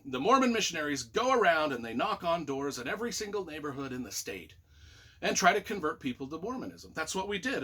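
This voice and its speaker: A man from Utah, a book reviewer casually telling a personal story in a rambling way. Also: sits high. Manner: animated, rambling, with many fillers and asides.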